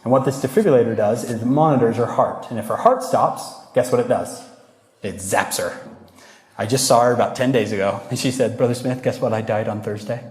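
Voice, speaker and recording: A man giving a motivational religious talk to a youth audience, a lively storyteller who acts out the voices he quotes. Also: medium pitch, brisk. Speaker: youth devotional speaker. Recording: reverberant hall.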